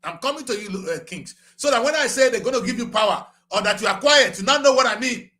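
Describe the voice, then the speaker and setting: A middle-aged man with a Nigerian accent giving passionate political commentary, repeating himself and rising to shouts. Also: very high voice, expressive, quick pace. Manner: fiery, repetitive, rising to shouts. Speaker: current affairs show host.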